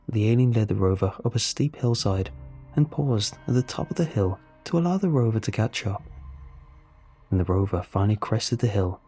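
A man narrating a first-person science fiction story in a steady, even manner. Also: lowish voice. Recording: faint music underneath.

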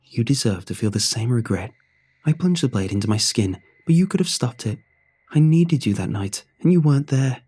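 A man's voice: on the low side, lively intonation, darkish tone, husky. Man voicing a reproachful female ghost. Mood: bitter. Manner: pleading then bitter, slow reproach. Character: ghost of a young woman, wounded, accusing.

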